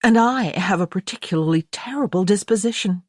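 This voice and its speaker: A woman's voice: mid-range voice, animated, fairly quick, darkish tone, dry recording, studio quality, voice pushed up, lightly acted. A woman voicing a defiant, self-assured young American woman with an American accent and a wry, bold delivery.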